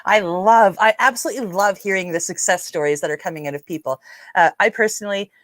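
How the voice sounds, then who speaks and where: A Newfoundland-accented woman with a mid-range, slightly bright voice keeps a quick pace as she hosts a casual livestream with no room sound. She chats with viewers and reads out their comments, peppering her speech with fillers.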